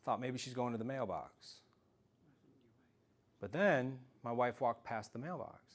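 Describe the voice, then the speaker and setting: A man telling a story in an animated, self-mocking way during a talk to a live audience. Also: medium pitch, measured pace. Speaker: speaker giving a self-defense talk.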